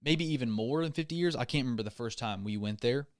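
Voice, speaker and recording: A man's voice: mid-range voice, quick pace, no room sound, clean studio sound. A man hosting his own podcast in a rambling, comedic monologue, goofy and self-deprecating, often restarting his sentences. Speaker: podcast host.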